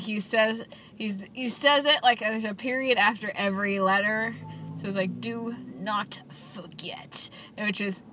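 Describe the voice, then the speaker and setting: Bright-voiced young woman, rambling vlog chat. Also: fairly high pitch, a little hiss or hum. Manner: rambling, filler-heavy, enthusiastic. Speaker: vlogger reviewing a film daily. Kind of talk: casual daily video diary.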